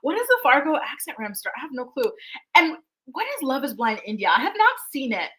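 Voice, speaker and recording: A chatty young woman hosts a casual livestream, her voice bright and a touch high. She talks with dramatic flair and reads viewer comments aloud between her own asides. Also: big pitch swings, fairly quick, rough recording. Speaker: host.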